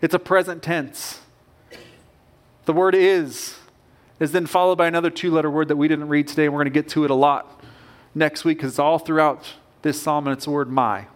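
A man's voice: on the high side, fairly even intonation, brisk. A man preaching a sermon as pastor, earnest and emphatic, with rising bursts of conviction.

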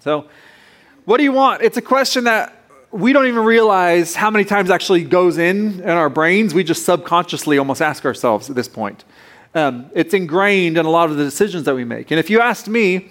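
A man's voice: sits high, lively intonation, moderate pace, fairly bright tone. A man in his thirties preaching a sermon, casual and playful, with joking asides to the congregation. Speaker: pastor.

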